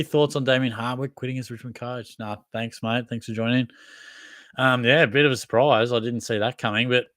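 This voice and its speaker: A man's voice: mid-range voice, steady tone, brisk, fairly bright tone, no room sound, clean studio sound. A young Australian man hosting a casual live Q&A, reading viewer comments and bantering with a laugh. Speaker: podcast host.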